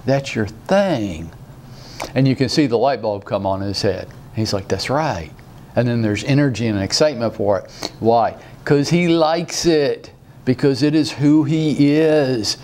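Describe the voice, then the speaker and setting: A man leads a motivational training talk. He sounds animated and rallying as he pushes his listeners with rhetorical questions. His voice sits at an ordinary middle pitch. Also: moderate pace, a little hiss or hum. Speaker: real estate sales coach.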